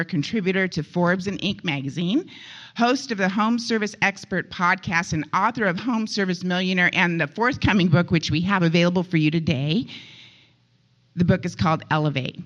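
A woman's voice: medium pitch, fairly bright tone, muffled recording. A woman hosting an event, introducing the next speaker on stage and asking the audience questions. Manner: upbeat, engages the audience with questions. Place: conference stage before a live audience.

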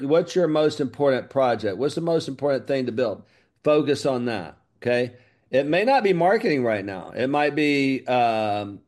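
A man's voice: mid-range voice, a little mellow. A man, giving a coaching talk to his group about marketing. He talks with energy, leaning hard on key words and repeating them. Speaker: business coach.

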